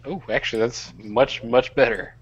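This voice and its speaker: A man's voice: mid-range voice, fairly even intonation, moderate pace, breathy edge, no echo, lo-fi sound. A man playing a tabletop game, chatting casually in a joking, playful way. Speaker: player.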